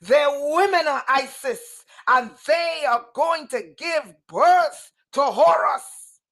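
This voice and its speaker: A woman with a high voice talks slowly and with fervor on a livestream, like a spiritual teacher. She repeats phrases for emphasis and now and then pushes up into a shout. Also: gravelly. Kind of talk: impassioned livestream talk.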